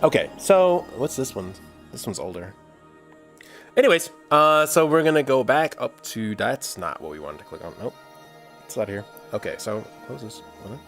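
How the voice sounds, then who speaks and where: A man talks his way through a livestream, rambling and thinking aloud as he works. His voice swings freely up and down, sitting in a middle pitch, with faint music playing underneath. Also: big pitch swings, normal speed, fairly bright tone. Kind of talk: casual livestream chat while coding.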